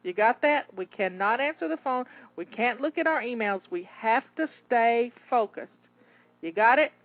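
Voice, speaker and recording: A woman's voice: on the high side, lively intonation, normal speed, dry recording. A woman coaching listeners through timed cleaning tasks, cheering them on with encouraging, repeated rallying phrases. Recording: phone-like narrow dry sound.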